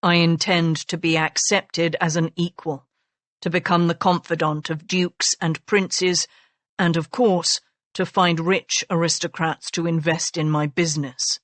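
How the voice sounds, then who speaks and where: A woman voicing a blunt, self-made Regency husband who speaks low and soft with dry command, in an audiobook. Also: little pitch movement, a little slow, no room sound, lightly acted.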